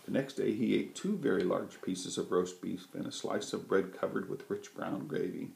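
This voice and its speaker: Man, storyteller reading aloud, children's story, mellow voice, roomy echo. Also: sits low, moderate pace, creaky. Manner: gentle, lively read-aloud delivery.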